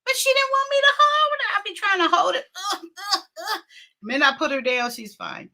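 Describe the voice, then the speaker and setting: A middle-aged woman host telling a story in a casual, animated way, laughing often and acting out what people said. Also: very high voice, fast. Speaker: talk show host.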